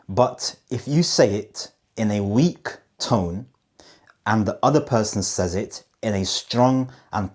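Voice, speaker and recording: Communication coach, male, lowish voice, emphatic, deliberate pauses on key points. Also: darkish tone. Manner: emphatic, slows down on key phrases; demonstrative, asks rhetorical questions. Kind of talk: direct-to-camera coaching talk.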